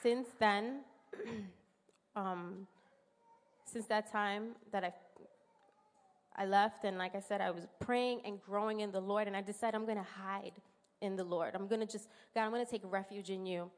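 A woman's voice: medium pitch, fairly even intonation, unhurried, pauses often. A woman in her thirties with a New York accent, giving an earnest, emotional personal testimony in church. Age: 30s. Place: church sanctuary. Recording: long hall reverb in church.

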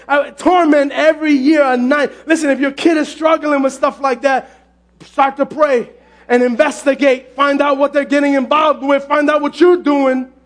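A male pastor preaching a sermon, often shouting, telling his story with lively exclamations. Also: extremely high pitch. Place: church sanctuary.

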